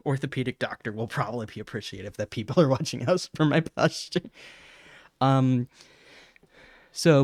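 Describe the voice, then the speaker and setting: A man's voice: mid-range voice, dry recording. A man with a mid-range voice hosts a casual science livestream. He is chatty and playful, reads chat aloud and stumbles over tricky terms. His voice sits close and dry on the mic. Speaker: science streamer.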